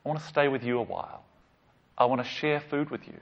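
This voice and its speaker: A gentle, inviting holy man speaks in a soft, hushed voice, voiced by a preacher. He sounds calm and warm-toned. The recording is a little dull. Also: medium pitch, fairly quick, gravelly, natural voice. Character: gentle, inviting male spiritual teacher.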